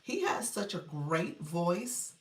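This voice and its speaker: A woman's voice: on the low side, sing-song, slow pace, recorded from a distance. A middle-aged woman chatting on a live stream as a coach, reading viewers' comments aloud and laughing often. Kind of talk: casual live-stream chat. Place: room at home, child heard in background. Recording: roomy livestream audio from off-mic.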